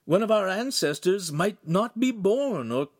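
A man's voice: sits high, animated, a little slow, no room sound, studio quality, pitched above the performer's own voice. A man reading an audiobook, voicing a thoughtful, cautious genie.

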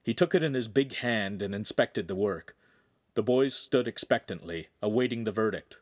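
A man's voice: normal speed, dry recording, studio quality. A man reading a young adult novel aloud as narrator, shifting into raised voices for the characters. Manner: lively storytelling, voices each character with raised pitch. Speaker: audiobook narrator. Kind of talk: scripted narration.

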